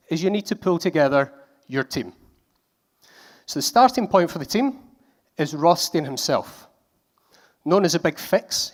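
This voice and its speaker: A man with a Scottish accent giving a conference talk, telling a story in a wry, self-deprecating way. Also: a little high. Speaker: conference speaker. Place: conference hall.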